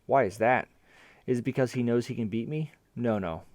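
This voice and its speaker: A man's voice: mid-range voice, moderate pace, a little mellow, no echo. A man reading an interactive fantasy story aloud in the first person, narrating events and his character's nervous thoughts.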